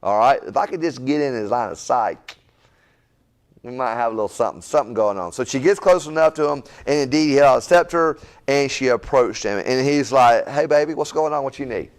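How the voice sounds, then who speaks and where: Brief: middle-aged man, pastor, lively swooping delivery, folksy asides, keeps asking "right?". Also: medium pitch, fairly quick, smooth. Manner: animated, folksy, repeats words and asks "right?". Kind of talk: conversational Bible-study sermon.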